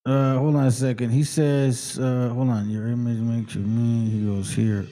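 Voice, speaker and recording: A man in his late forties giving a profane, animated commentary as a channel host, often quoting and mocking others. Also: medium pitch, normal speed, few pauses, faint music behind. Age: 40s. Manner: animated, swears a lot, mocks and quotes others. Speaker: channel host reacting to videos.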